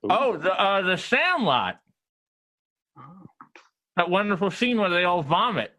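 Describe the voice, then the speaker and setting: A man guesting on a casual video chat, dropping dry, deadpan jokes. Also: sits high, a little slow. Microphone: video call.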